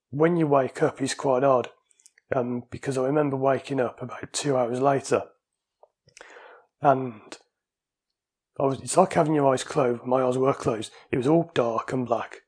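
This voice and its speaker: A vlogger sharing his surgery experience talks casually to camera from home, indoors, recorded on a small dictaphone. His voice is husky, slightly breathy, a little mellow and mid-pitched, and he chats anecdotally, laughing as he tells his stories.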